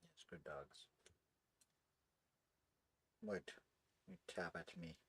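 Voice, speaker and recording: A man's voice: a bass voice, steady tone, extremely slow, pauses often, fairly bright tone, breathy edge. Man scolding and coaxing his dogs. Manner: scolding and coaxing pets, swearing, baby talk. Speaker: streamer. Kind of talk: casual talk to his dogs while streaming.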